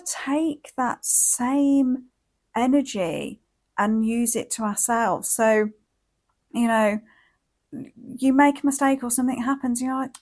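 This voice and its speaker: A woman hosting a wellbeing podcast, talking in a gentle, reflective monologue with frequent "like" and "you know" fillers. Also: fairly high pitch, slow, pauses often. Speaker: podcast host and wellbeing coach.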